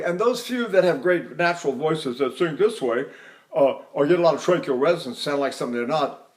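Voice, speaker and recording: An older man giving a voice lecture, animated and breaking into sung demonstrations. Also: fairly high pitch. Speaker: voice teacher.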